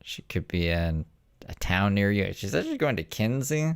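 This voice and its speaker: A man's voice: lowish voice, sing-song, moderate pace, vocal fry, clear, resonant tone. A man giving sarcastic, mocking reaction commentary on video clips.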